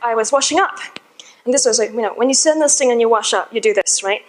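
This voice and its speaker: A woman speaking at a conference tells a live audience a personal story, chatty and self-deprecating, laughing at herself as she goes. Her voice is on the high side and she talks fast, though the recording quality is low.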